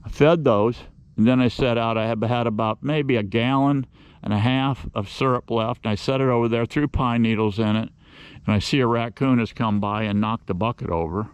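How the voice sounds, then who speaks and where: A man's voice: medium pitch, moderate pace, clear, resonant tone, no echo, highs cut off. A man hosting his own beekeeping channel, talking casually outdoors in a rambling, folksy way that circles back and repeats phrases. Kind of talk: casual outdoor vlog monologue.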